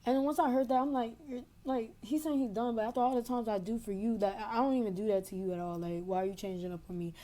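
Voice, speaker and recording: A woman's voice: fairly high pitch, fast, few pauses, warm tone. A young adult woman caller telling a long story in casual, rambling talk over a phone connection, filling gaps with "blah, blah".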